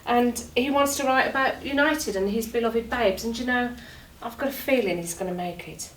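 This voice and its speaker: A woman's voice: fairly high pitch, normal speed, lightly acted. Woman reading a shaken journalist, earnest and sombre, distant echoey recording. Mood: fond. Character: shaken newspaper journalist after an air crash. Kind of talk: stage monologue reading. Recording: roomy, distant mic, faint noise.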